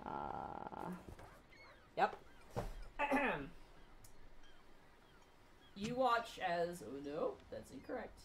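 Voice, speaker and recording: A woman's voice: mid-range voice, big pitch swings, extremely slow, gravelly, long pauses, slight background noise. A woman narrating as game master of a tabletop game, chatty and laughing between lines.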